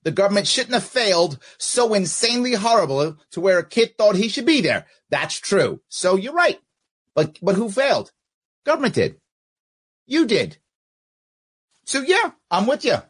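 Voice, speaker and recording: Sarcastic commentator guy, kinda husky, voice bouncing all over as he mocks the clip. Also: high-pitched, sing-song, moderate pace. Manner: sarcastic, argues back at the clip. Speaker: political commentator.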